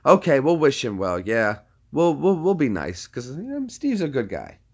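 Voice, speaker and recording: A man's voice: mid-range voice, huge pitch swings, normal speed, breathy edge. A man hosting a casual livestream from his phone, rambling and often restarting his sentences. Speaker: livestream host.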